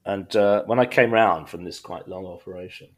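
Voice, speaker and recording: A writer appearing as a podcast guest tells stories in a casual, conversational way. He's a low-voiced, husky man speaking at a moderate pace, rambling and interrupting himself with frequent restarts and wry humour.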